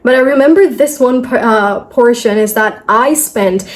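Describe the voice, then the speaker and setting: Woman, young adult, slightly high voice, pronunciation lesson, addresses viewers, slow syllable-by-syllable drilling. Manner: addresses viewers directly, slowly repeats words syllable by syllable. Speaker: English pronunciation teacher. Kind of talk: video lesson.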